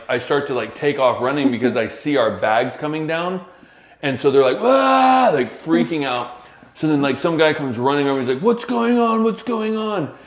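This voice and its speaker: Man telling a story, roomy echo. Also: medium pitch. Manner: animated, acts out quotes. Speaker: podcast co-host. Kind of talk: casual storytelling chat.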